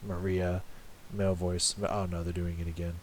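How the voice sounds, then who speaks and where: A man's voice: deep voice, little pitch movement, normal speed, a little mellow. A man giving casual reaction commentary on an album, rambling and correcting himself, laughing often and swearing casually. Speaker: music reaction YouTuber.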